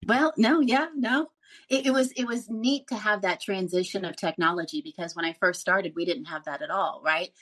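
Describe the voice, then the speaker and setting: Animated woman telling stories. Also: mid-range voice, moderate pace. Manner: animated storyteller who laughs often. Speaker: guest, former radio news reporter. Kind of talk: casual interview storytelling.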